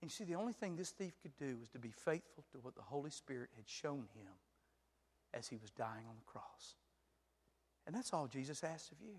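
A man preaching a sermon as pastor, moving from quiet storytelling to loud, shouted passages. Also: mid-range voice, animated, brisk, breathy edge, big-room sound.

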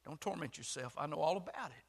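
A man voicing a calm old wife who soothes her dying husband in a hushing way, in a reverberant hall. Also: on the high side, quick pace, creaky, slightly rough, exaggerated voice.

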